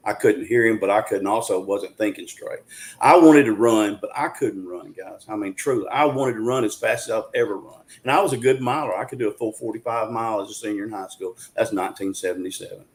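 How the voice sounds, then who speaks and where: A man's voice: lowish voice, a little fast. A man, telling a story as an interview guest in an earnest, folksy way, with frequent restarts. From Arkansas, USA. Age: 60s.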